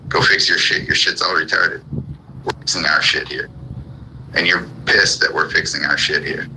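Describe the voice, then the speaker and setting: A man's voice: very deep voice, fairly even intonation, normal speed, gravelly, bright, forceful tone, a little hiss or hum, poor audio. A man from the United States hosting a live audio room, ranting angrily and full of profanity, firing off repeated commands and questions. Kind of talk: heated political rant.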